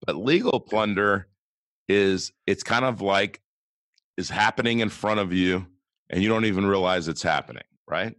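A man with a low voice and a West Coast American accent chats casually as a podcast co-host. He often leans on rhetorical questions. The sound is dry and close, with no room around it. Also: normal speed, fairly bright tone, dry recording. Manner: conversational, asks rhetorical questions.

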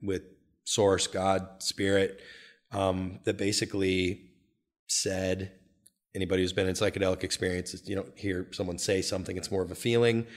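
A man speaking candidly as an interview guest, earnest and animated, sometimes rising into excited bursts. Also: sits low, moderate pace. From United States. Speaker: guest, real estate brokerage founder.

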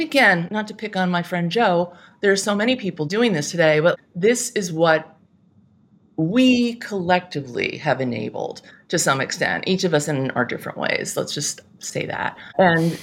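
A middle-aged woman, a guest commentator, talking politics in a casual podcast chat with an emphatic, exasperated manner. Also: lowish voice. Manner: emphatic, exasperated, quick asides.

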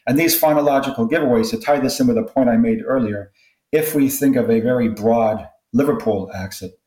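A man's voice: mid-range voice, fairly quick, mellow. A man who is a linguistics expert, explaining points in an interview in a lecturing way and giving spoken examples. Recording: roomy echo.

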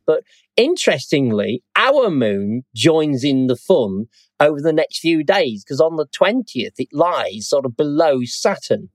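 Chatty guy, middle-aged, kinda high voice, rambles on, dry sound. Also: no room sound. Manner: rambling, fond of the filler "sort of thing". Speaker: astronomy podcast co-host. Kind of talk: casual chat.

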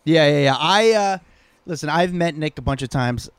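A man co-hosting a podcast, telling stories in an animated, teasing way. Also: on the high side, normal speed, smooth, dry recording. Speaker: podcast co-host. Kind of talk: casual chat.

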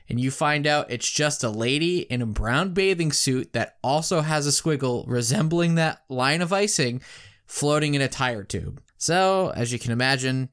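Enthusiastic male podcast storyteller. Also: mid-range voice. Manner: enthusiastic storyteller, animated bursts. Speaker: podcast co-host. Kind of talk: casual chat, retelling a commercial.

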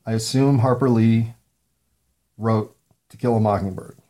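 A man hosting a solo talk show, rambling through jokes and musings with many ums and pauses while high. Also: fairly even intonation, warm tone. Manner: meandering, joking asides, frequent ums and pauses. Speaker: podcast host.

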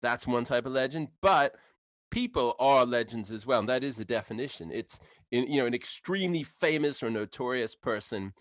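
A man co-hosting a casual podcast chat, relaxed and joking, often trailing off quietly. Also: mid-range voice, moderate pace, no echo, clean studio sound. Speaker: podcast co-host.

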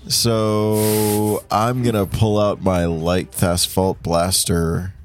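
A man's voice: on the low side, level tone, very slow, faint music behind. A hungover man playing a tabletop game, talking in a laid-back way. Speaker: player. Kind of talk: casual tabletop game chat.

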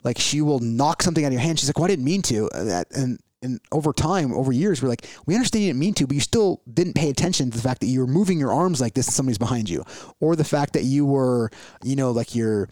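Middle-aged male host, casual rambling chat, mid-pitched voice, very dry close recording. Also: lively intonation, fast talker, darkish tone, no room sound. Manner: loose, rambling, lots of fillers and restarts. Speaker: podcast host.

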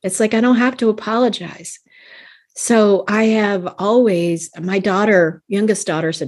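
A woman's voice: medium pitch, a little slow, darkish tone. Earnest woman coach in her fifties. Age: 50s. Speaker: life coach guest. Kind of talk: casual podcast interview.

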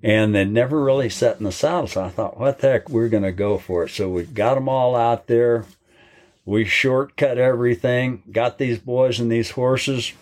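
A man's voice: mid-range voice, moderate pace, a little mellow. An older man and horse trainer, telling a long, folksy story in an interview.

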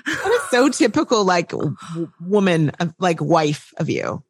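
Animated woman podcaster, lively pitch. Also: measured pace, gravelly, breathy edge, dry recording, clean studio sound. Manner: animated, rambling, says y'all. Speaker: podcast co-host. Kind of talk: casual chat.

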